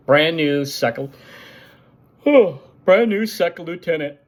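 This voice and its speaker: A middle-aged man tells an old army story in a casual, animated way, with a voice that sits a bit high for a man. He acts out the gunfire with his own boom and pop sounds, and he shouts out the lines of the people in the story. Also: takes it slowly. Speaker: show host telling a story.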